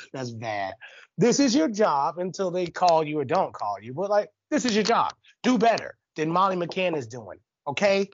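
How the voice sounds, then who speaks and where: A man hosting a sports talk show, delivering a heated, animated rant full of rhetorical questions, on a dull lo-fi recording. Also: sits high, no echo. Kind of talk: ranting sports commentary monologue.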